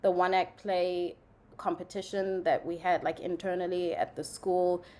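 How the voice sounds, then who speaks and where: A young adult woman from Zimbabwe, a guest in an interview, telling her story in a chatty, animated way full of "like" fillers. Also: fairly low pitch, a little slow. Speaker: guest, playwright and actress. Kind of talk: casual conversational interview.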